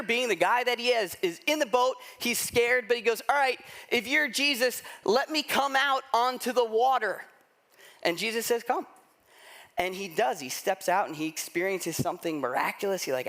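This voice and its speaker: A man delivers a sermon in a high, bright voice. He retells the story conversationally and slips into the voices of the people he quotes. His tone stays lively and personable. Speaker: pastor.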